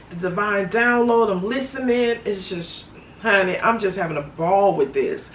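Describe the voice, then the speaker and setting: A woman's voice: mid-range voice, expressive, moderate pace. Woman vlogging, chatty and laughy, calls folks honey, sitting back from the mic in an echoey room. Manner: chatty, warm-hearted, laughs often, calls viewers honey and sweetie. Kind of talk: casual reflective vlog talk. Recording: roomy echo, distant from mic, faint background noise.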